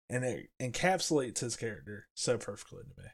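Animated man chatting on a podcast. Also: fairly low pitch, fairly quick, creaky, breathy edge. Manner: animated, quotes characters in passing. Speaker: podcast co-host. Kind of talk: casual podcast discussion.

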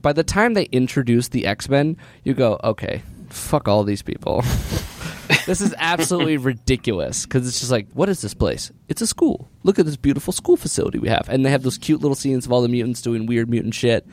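A man's voice: medium pitch, fast talker, darkish tone. A man co-hosting a casual movie review chat, talking animatedly, laughing often and acting out mock quotes. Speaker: podcast co-host.

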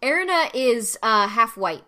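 A woman's voice: fairly high pitch, sing-song, slow pace, pushed and bright. A woman hosting a casual chat, explaining at length with many fillers. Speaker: host.

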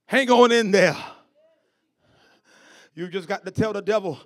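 A man preaching a fiery sermon, stammering and repeating words as he builds to shouts, calling out to members of the congregation. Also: high-pitched, measured pace.

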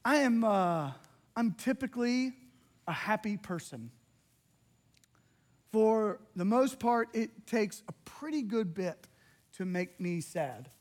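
A middle-aged man preaches as a pastor, his voice riding high. He is animated and openly emotional, slipping into quick acted-out exchanges as he goes. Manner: animated, emotional, acts out little dialogues. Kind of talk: sermon.

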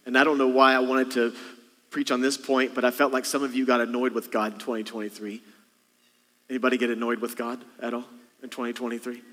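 A man's voice: medium pitch, a bit bright. A man preaching a sermon as pastor, talking conversationally to the congregation with rhetorical questions and jokes. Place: church sanctuary. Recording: long reverb of a large hall.

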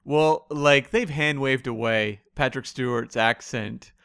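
A man co-hosting a casual podcast discussion in a relaxed, conversational way. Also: medium pitch, slow, vocal fry, clear, resonant tone, dry recording, clean studio sound. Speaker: podcast co-host.

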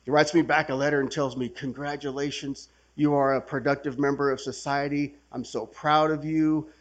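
A man's voice: fairly high pitch, little pitch movement, moderate pace. Casual storytelling man, swearing freely. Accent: Californian. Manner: conversational, swearing, acts out quotes with laughs. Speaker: workshop speaker sharing his recovery story. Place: workshop gathering room.

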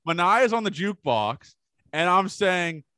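A man's voice: high voice, big pitch swings, moderate pace, bright, forceful tone, clear, resonant tone, no room sound. A man on a podcast telling rambling party stories in casual chat, swearing often and acting out what people said. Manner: rambling storyteller, swears a lot, acts out quotes. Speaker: podcast co-host.

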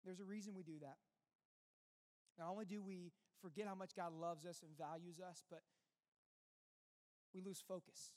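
A pastor preaching a sermon in an earnest, conversational way, full of rhetorical questions. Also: male voice, high-pitched, fairly even intonation, normal speed, long pauses, a little mellow. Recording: long reverb with faint music behind.

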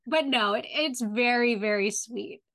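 A woman's voice: a little high, a little slow, fairly bright tone. A woman co-hosting a podcast, recapping a TV episode in casual, effusive chat full of "like" fillers. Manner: chatty and effusive, many "like" fillers. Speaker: podcast co-host.

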